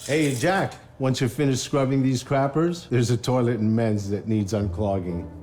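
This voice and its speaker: An actor playing a curt staff supervisor who gives orders. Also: male voice, mid-range voice, normal speed, music in the background, natural voice. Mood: bossy.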